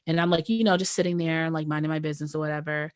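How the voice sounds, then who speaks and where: A woman with a fairly low voice chats on a podcast, recorded dry and close with no room sound. She tells her stories animatedly and slips into the voices of the people in them. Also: very fast, no echo. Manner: animated storyteller who acts out what others said. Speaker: podcast guest or host. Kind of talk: casual podcast chat. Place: Massachusetts.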